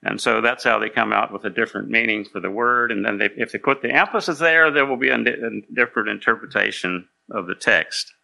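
A man's voice: lowish voice, fairly quick, vocal fry, hardly any pauses, sharp tone. A man preaching a sermon in a conversational way, patiently explaining and checking that his listeners follow. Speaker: pastor.

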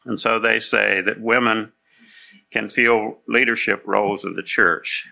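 A male pastor with a heavily gravelly, rough voice that carries a tense, sharp edge. He explains his points in a patient, conversational way. He pauses now and then to make sure the congregation is following. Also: on the low side, steady tone. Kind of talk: conversational sermon.

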